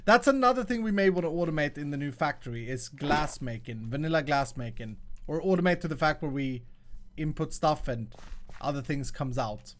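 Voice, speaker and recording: An upbeat man talks casually over his gameplay, laughing often as he goes. His voice sits a little higher than most men's. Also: fairly quick, a bit bright. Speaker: host.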